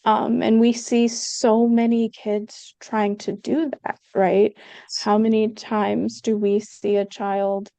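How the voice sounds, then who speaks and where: A woman's voice: medium pitch, little pitch movement, slow, gravelly, mellow, no room sound. A woman speaking as a guest in a casual podcast conversation, thoughtful and using frequent fillers. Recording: dull, dry lo-fi sound.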